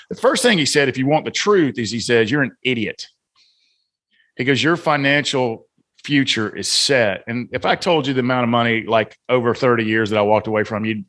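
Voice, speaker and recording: A man, a podcast guest who tells his story with energy and acts out what people said. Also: mid-range voice. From Atlanta, US South. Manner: animated storyteller, leans on "man" and "brother", acts out quoted voices. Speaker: guest, author and executive coach.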